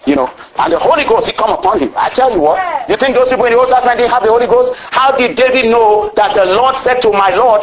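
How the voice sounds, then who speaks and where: A man with a high voice delivers a storytelling sermon. He preaches in an animated way, with sudden exclamations and chuckles between his points. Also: fast, hardly any pauses, low-quality recording.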